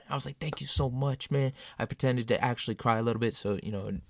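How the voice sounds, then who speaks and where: A man telling concert stories in casual vlog style, excitable and animated, with sudden loud jumps. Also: mid-range voice, quick pace, vocal fry, slight background noise. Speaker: metal fan vlogger. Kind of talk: casual storytelling to camera.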